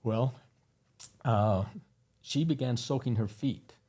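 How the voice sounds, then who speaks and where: Speaking slowly in a mellow, mid-range voice, this man is the guest on an interview. He's a company founder sharing earnest stories casually, with plenty of fillers.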